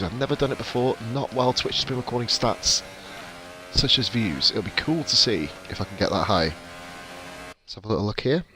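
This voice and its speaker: A man's voice: mid-range voice, background noise. A man streaming a racing game, chatting with viewers in profane, jokey banter. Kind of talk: casual live-stream commentary.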